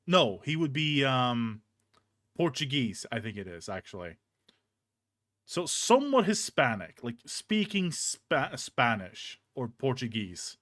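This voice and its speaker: A man's voice: medium pitch, slow, no echo, clean studio sound. A young man streaming, ranting casually and profanely with many restarts, in a hot room with a fan on. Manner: animated, profane, rambling with restarts.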